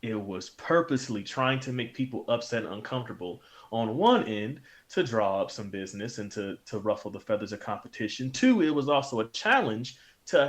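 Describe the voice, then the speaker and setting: A man's voice: mid-range voice, animated, brisk, hardly any pauses. A man co-hosting a wrestling podcast, making emphatic points and repeating them for stress. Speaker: podcast co-host. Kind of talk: casual chat.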